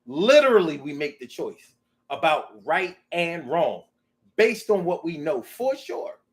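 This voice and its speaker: A man talking in a casual, rambling monologue, animated and profane, to his own audience. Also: a little high, unhurried. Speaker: vlogger.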